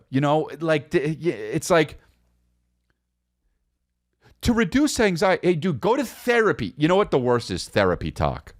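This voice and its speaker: A man's voice: a little high, no echo, studio quality. A man in his forties hosting a podcast, rambling through a comedic monologue and slipping into silly voices. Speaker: podcast host.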